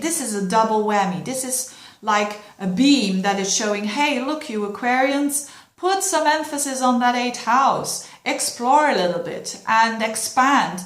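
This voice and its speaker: A middle-aged woman from Belgium, an astrologer giving a yearly horoscope in an earnest, encouraging way, speaking straight to her viewers. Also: on the high side. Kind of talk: yearly horoscope talk to camera. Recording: roomy echo.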